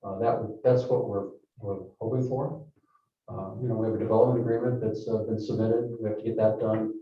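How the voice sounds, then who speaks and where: A man presenting a building project at a public meeting, talking haltingly with frequent fillers and restarts. His fairly low voice sits far from the microphone and rings around a very echoey council chamber. The sound is dull and muffled. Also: little pitch movement. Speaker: project developer presenting to a town board. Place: town hall meeting room.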